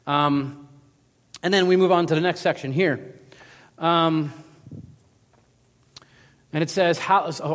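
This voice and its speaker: Casual preacher, higher voice, hall reverb. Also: male voice, slow, long pauses. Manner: casual, animated storytelling with acted quotes. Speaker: pastor. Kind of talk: sermon.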